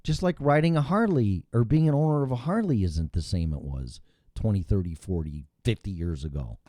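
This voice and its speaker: A man's voice: fairly low pitch, lively intonation, a little fast, mellow, dry recording. A man hosting a morning talk show in casual, rambling chat, blunt and full of profanity.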